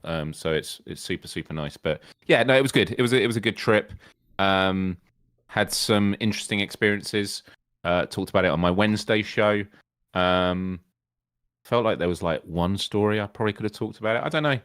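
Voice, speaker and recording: A man's voice: lowish voice, brisk, a bit bright, clear, resonant tone, no echo, clean studio sound. A man co-hosting a casual gaming podcast, bantering dryly and playfully. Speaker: co-host.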